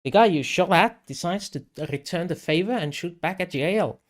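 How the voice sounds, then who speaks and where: A man running a tabletop game as game master, speaking haltingly with frequent restarts. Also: sits high, expressive. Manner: halting, with many restarts and laughs.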